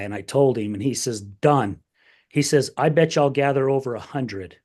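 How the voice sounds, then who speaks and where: A man's voice: medium pitch, moderate pace, a little mellow. A middle-aged man hosting a podcast, telling a heartfelt family story in casual chat, getting emotional and acting out the voices of his family. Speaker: podcast host.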